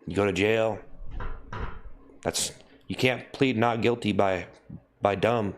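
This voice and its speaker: A man live-streaming a mock-solemn apology, his voice sitting on the low side. He repeats the same confessions again and again in a deadpan way, talking to a webcam. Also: takes it slowly. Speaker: livestream host.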